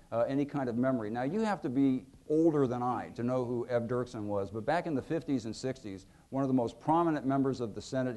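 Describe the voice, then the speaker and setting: A middle-aged man, an author giving a book talk, telling humorous anecdotes with many fillers and acted-out quotes. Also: mid-range voice. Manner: lively storyteller, acts out quotes, many fillers.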